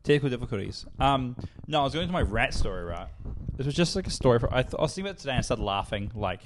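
Fast, animated man telling a story. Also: medium pitch, background noise. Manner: animated, crude, heavy swearing, laughing through the story. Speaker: podcast co-host. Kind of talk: casual storytelling chat.

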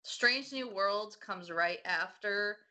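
A woman in casual podcast chat, easygoing and quick to giggle. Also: mid-range voice, sharp tone. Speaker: podcast co-host.

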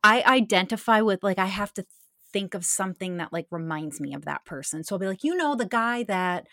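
A woman in her thirties hosting a podcast, chatting casually with quick reactions and self-deprecating asides. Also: lowish voice, steady tone, pushed and bright, no room sound, studio quality. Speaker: podcast host. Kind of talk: casual chat.

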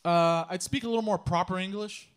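A man's voice: high voice, steady tone, brisk, clear, resonant tone. A man co-hosting a podcast in casual chat, hesitant and full of fillers. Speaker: podcast co-host.

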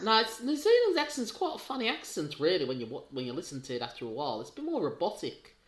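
A man's voice: high voice, wildly swooping pitch, fast talker. A man co-hosting a podcast in casual chat, chatty and joking, recorded in an echoey room. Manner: chatty, joking, self-deprecating. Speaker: podcast co-host.

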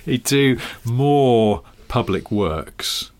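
A man's voice: mid-range voice, animated, drawn-out words, darkish tone. A man co-hosting a podcast, riffing in a dry, whimsical way during casual comedic chat. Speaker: podcast co-host.

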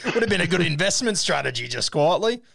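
A man hosting a relaxed interview, matey in tone and quick to call his guest mate. His voice sits a little high for a man and sounds dry, close to the mic. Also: creaky, dry recording. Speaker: podcast host. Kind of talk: casual interview chat.

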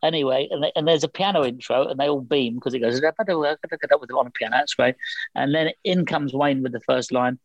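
A man's voice: medium pitch, moderate pace, no echo, lo-fi sound. An older man, a musician telling stories in an interview, rambling and correcting himself. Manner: rambling, self-correcting storyteller. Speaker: musician guest. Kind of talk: anecdotal interview talk.

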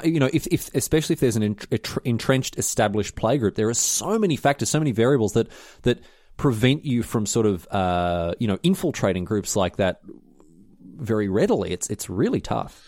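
Lively man co-hosting a podcast. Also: lowish voice, brisk, dry recording. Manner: animated, jokey, rambling with restarts. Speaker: podcast co-host. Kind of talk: casual podcast chat.

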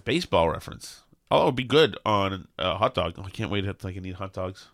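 A man's voice: deep voice, expressive, quick pace, vocal fry, fairly bright tone, no echo, studio quality. A man hosting a casual radio chat show, riffing with sarcastic jokes. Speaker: host.

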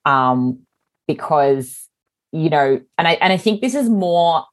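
An Australian woman co-hosting a casual podcast chat. Her voice sits very low for a woman, and she talks frankly and with animation, often circling back to restart a thought. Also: animated, takes it slowly. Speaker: podcast co-host.

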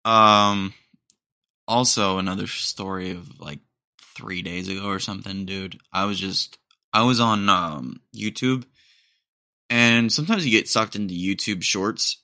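A man's voice: on the low side, unhurried, bright, forceful tone. A young man hosting a podcast, rambling through a casual comedic monologue with sarcasm and laughter at his own jokes. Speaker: podcast host.

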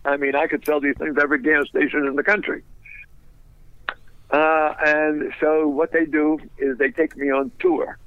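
An older man, a guest on a radio interview, telling anecdotes in a lively way and laughing through his stories. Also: fairly high pitch, normal speed, smooth, no room sound. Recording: dull, dry lo-fi sound.

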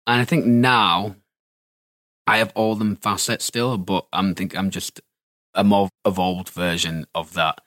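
A young man with a Yorkshire accent telling a personal love story in a loud, animated, camp way. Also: low voice, unhurried, no echo, studio quality. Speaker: interviewee. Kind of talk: candid storytelling.

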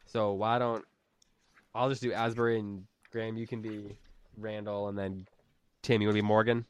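A man co-hosting a casual book discussion, thinking aloud in a relaxed way. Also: fairly low pitch, normal speed, clear, resonant tone. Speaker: podcast co-host.

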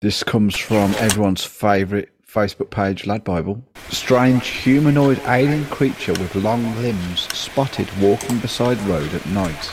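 A man's voice: on the low side, measured pace, hardly any pauses, noisy background. A man co-hosting a casual podcast, trading sweary banter and reading out strange news. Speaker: podcast co-host. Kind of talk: casual chat.

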